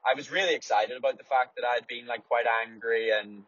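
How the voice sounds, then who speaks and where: A man's voice: mid-range voice, fairly even intonation, brisk, fairly bright tone, no room sound. A man from Ireland talking casually to his podcast listeners, rambling and swearing a lot as he restarts his words. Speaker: runner and podcast host. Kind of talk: casual solo podcast monologue. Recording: dull lo-fi dry recording.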